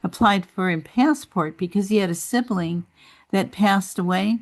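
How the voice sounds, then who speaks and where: A woman's voice: mid-range voice, a little slow. A woman on a group video call, telling family stories in a rambling way with lots of fillers. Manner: rambling storyteller, many fillers. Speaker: group member. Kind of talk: casual chat.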